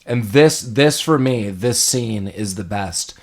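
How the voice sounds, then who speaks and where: A man hosting a casual podcast discussion of a film, animated and quick to laugh, often acting out lines from scenes. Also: on the low side. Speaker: podcast host.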